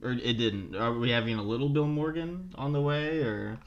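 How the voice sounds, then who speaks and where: A man's voice: medium pitch, normal speed, highs cut off. Hesitant mock-earnest male comic. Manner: hesitant, mock-earnest, keeps adding "okay?". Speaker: podcast co-host. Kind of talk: comedic mock debate.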